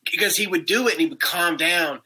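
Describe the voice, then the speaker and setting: Bright-voiced young man telling stories. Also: sits high, a little fast, breathy edge, poor audio. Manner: animated storytelling, laughs often, swears. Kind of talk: casual chat.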